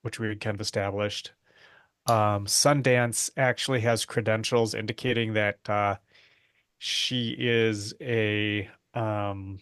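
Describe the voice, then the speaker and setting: Slow, low-voiced man pitching ideas. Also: steady tone, a bit bright, clean tone, dry recording, clean studio sound. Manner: tentative, filler-heavy pitching of ideas. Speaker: player. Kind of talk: tabletop role-play chat.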